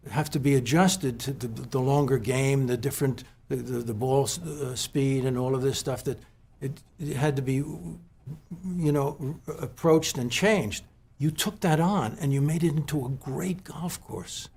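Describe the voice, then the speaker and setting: A man from the West Coast of the US interviewing a guest at a golf club, speaking haltingly with many restarts and fillers. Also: medium pitch, fairly even intonation, vocal fry, a little mellow, slightly rough. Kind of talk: heartfelt conversational tribute.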